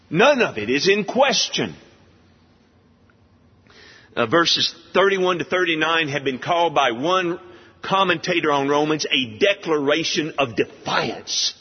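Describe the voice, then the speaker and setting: Emphatic preacher in a reverberant hall. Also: male voice, on the high side, slightly rough. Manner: emphatic, rhetorical questions, deliberate. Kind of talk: expository sermon. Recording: dull lo-fi audio with long hall reverb.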